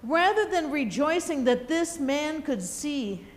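A woman preaching a sermon, telling a story in a gentle, reflective way. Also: high-pitched, animated, slow.

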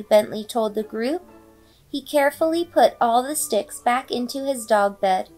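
A woman reading a children's bedtime story aloud with expressive, dramatic storybook delivery. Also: a little high, unhurried. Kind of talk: bedtime read-aloud narration. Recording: faint background music.

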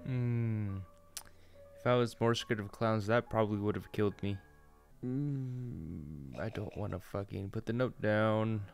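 A man's voice: lowish voice, little pitch movement, a little fast, few pauses, faint music behind. A man commentating a horror game, jumpy and profane, yelping when startled. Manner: jumpy, swears a lot, yelps when startled. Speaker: gaming channel host. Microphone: desk mic.

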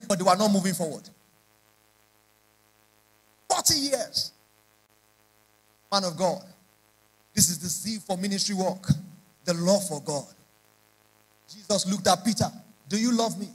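A man's voice: high voice, a bit bright, breathy edge, low-quality recording. A man preaching a sermon, emphatic and repeating lines in rising prayer chants. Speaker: pastor.

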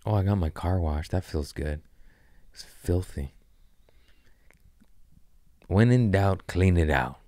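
A man's voice: low-pitched, slow, long pauses, warm tone, no echo. A man around forty hosting his own podcast, riffing loosely and jokingly in casual, profane chat. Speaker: comedian podcast host.

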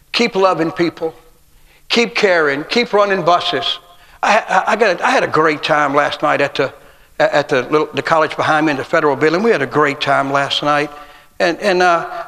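A man's voice: a little high, fairly bright tone. A man, preaching a sermon full of humorous personal stories. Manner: folksy, humorous storytelling with acted quotes. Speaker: guest preacher. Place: church sanctuary. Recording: long church hall reverb.

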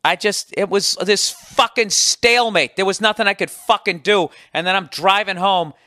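American podcast host, forties, profane self-mocking storyteller, slightly high voice. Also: male voice, normal speed, pushed and bright, dry recording, clean studio sound. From United States. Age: 40s. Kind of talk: casual storytelling monologue.

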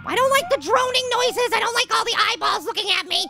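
A man voicing a tiny, cocky male cartoon apple with a sped-up, pitched-up voice, giving brash, giggly game commentary. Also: lively intonation, brisk, gravelly, sharp tone, exaggerated voice. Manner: brash, giggly, trash-talking. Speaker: gameplay commentator. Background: game music.

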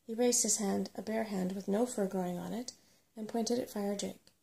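A woman reading a bedtime story aloud in a soft-spoken ASMR style, gentle and unhurried. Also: medium pitch, steady tone, creaky.

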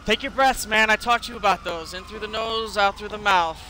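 A man streaming an online game, excitable, swearing and laughing often as he plays. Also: high-pitched, normal speed, noisy background. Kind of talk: rowdy live gaming chat.

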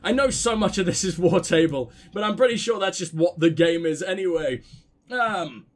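Flustered high-voiced male gamer. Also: normal speed. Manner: flustered, swears casually. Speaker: gaming channel host. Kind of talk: gameplay commentary.

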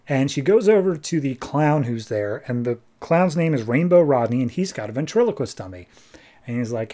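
A man hosting a comics podcast, summarizing an issue in a relaxed, wry tone and dropping jokes along the way. His voice is mellow and dark-toned at a middling pitch. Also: normal speed. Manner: jokey, wry, acts out quotes. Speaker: podcast host. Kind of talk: casual comic-book recap.

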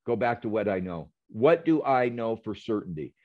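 A man's voice: lowish voice, sing-song, normal speed, phone-quality sound. A man speaking as an interview guest in an earnest, reflective way, telling stories over a video call. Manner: earnest, reflective, tells stories with quoted dialogue. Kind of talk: interview conversation.

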